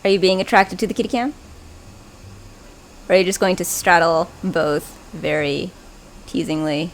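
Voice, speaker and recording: A woman's voice: lowish voice, fairly even intonation, moderate pace, pauses often, slight background noise. A woman giving casual gameplay commentary, chatting away and talking to the characters on screen. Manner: chatty, talks to game characters. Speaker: video game player.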